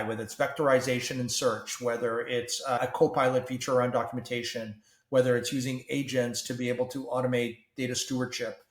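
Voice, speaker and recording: A man from Canada, a tech company CEO guest on a podcast, talking in an animated, conversational way with frequent restarts and repeated words. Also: medium pitch, fairly quick, few pauses, echoey room.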